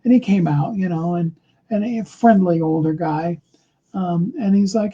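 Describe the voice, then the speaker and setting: Husky, mellow man telling a story. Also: high voice, highs cut off. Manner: slow and deliberate, with many fillers and restarts. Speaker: motivational speaker. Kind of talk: motivational storytelling talk.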